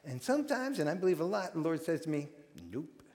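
Man, pastor, lively sermon delivery, raised pitch, long reverb. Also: fast talker. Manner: animated, acts out quoted voices.

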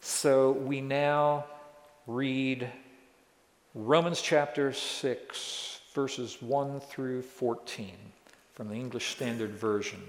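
Slow, emphatic preacher in an echoey hall. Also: male voice, medium pitch, fairly even intonation. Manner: slow, deliberate, emphatic delivery. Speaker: pastor teaching a Bible study series. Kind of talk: sermon with prayer and scripture reading. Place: large church sanctuary.

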